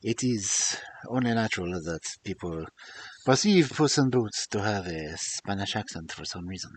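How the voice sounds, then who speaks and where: A man reading fairy tales aloud as a storyteller, expressive and theatrical, with chatty asides to his listeners, on a desk microphone. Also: on the low side, normal speed, slight background noise.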